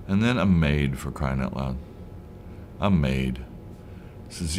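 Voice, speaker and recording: A man's voice: very deep voice, takes it slowly, pauses often, a little mellow, a little hiss or hum. A man teaching a Bible study in a conversational way, retelling scenes and voicing the people in them.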